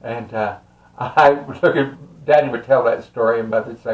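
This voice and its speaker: An older man with a Texan drawl spins a family tale in a folksy, meandering style, pausing on little fillers and chuckling along the way. His voice sits at an ordinary middle pitch, and the room around him rings back noticeably. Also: narrow, tinny audio. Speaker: storyteller and tarot reader. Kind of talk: casual spoken storytelling. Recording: roomy echo.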